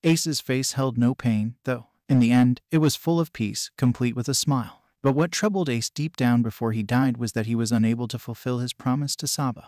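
Dry, steady male story narrator. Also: medium pitch, moderate pace, hardly any pauses, dry recording. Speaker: fan fiction narrator.

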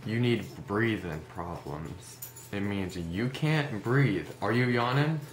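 A man's voice: fairly low pitch, lively intonation, slow pace. Goofy rambling male vlogger, echoey room. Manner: rambling, joking, mock-serious. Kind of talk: goofy comedic monologue. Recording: echoey room with background noise.

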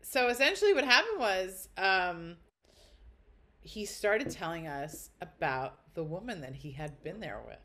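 Animated, blunt woman telling stories. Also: a little slow. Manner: animated, blunt and crude, acts out quotes with big pitch jumps. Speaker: podcast guest. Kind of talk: casual storytelling chat.

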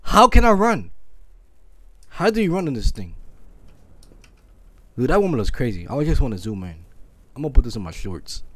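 A man giving casual commentary while playing a horror game, excitable, swearing and yelping when scared. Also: mid-range voice, fairly quick, long pauses, breathy edge, no echo.

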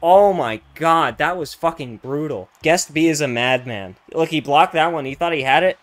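At a moderate pace, a young gaming streamer delivers casual, crude commentary on his play, his voice rising to loud, thrilled outbursts and then dropping to a low mutter.

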